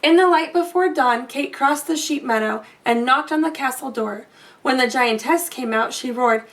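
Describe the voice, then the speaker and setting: A woman reads a children's storybook aloud with an expressive, animated delivery. Her voice sits high. She sounds a little distant from the microphone. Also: moderate pace.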